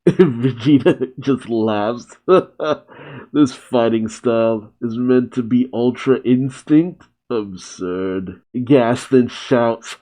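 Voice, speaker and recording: A man's voice: medium pitch, slow, dark tone. A man casually recapping a comic chapter and reacting, laughing often.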